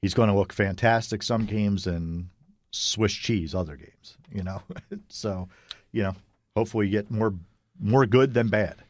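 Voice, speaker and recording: A man's voice: on the low side, measured pace, dry recording. A man co-hosting a hockey podcast, easygoing and laughing often in casual chat. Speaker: podcast co-host.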